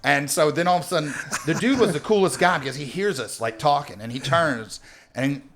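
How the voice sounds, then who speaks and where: A man in his thirties, a comedian guest on a podcast, telling family stories in an animated way with quick restarts. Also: on the high side, slight background noise.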